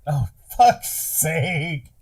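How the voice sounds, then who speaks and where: A man's voice: a little high, animated, drawn-out words, creaky, darkish tone, slightly rough. A man in casual podcast chat who laughs easily, swears freely and acts out jokes.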